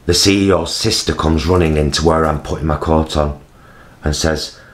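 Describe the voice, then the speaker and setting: A man, telling a personal story in a vlog, halting with many fillers and acting out other people's voices. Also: steady tone. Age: 50s. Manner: acts out voices of people in his story with big jumps in pitch. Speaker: vlogger.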